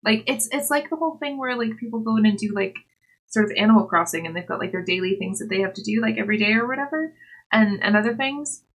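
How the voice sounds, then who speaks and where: Scottish woman streamer, fairly high, breathy tone, loose rambling chat. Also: lively intonation, quick pace, poor audio. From Scotland. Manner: rambling, heavy use of "like". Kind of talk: casual live-stream chat.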